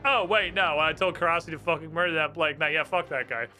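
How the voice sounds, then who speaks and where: A man's voice: a little high, fast, bright, forceful tone, faint music behind. A man streaming a game, giving casual commentary full of heated, swearing rants.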